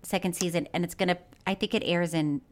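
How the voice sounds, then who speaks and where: A woman's voice: on the low side, steady tone, quick pace. A woman co-hosting a podcast in casual chat, giggly and gushing. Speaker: podcast co-host.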